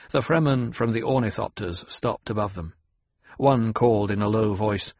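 A man narrating an audiobook in a measured, dramatic reading. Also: fairly low pitch, a little mellow, no room sound. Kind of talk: scripted narration.

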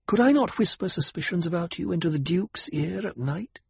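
A man voicing a cool, cutting noblewoman who lectures in a measured, calm way, with a breathy tone. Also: high voice, no echo, voice pushed up, heavily acted. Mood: cold, probing. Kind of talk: audiobook character voice.

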